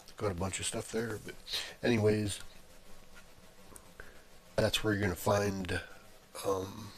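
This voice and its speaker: Man with a very low voice, casual self-narrated screen recording on a desk mic, rambling delivery. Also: little pitch movement, slow pace. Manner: rambling, with many fillers and restarts. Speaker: video blogger. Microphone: plugged-in desk microphone.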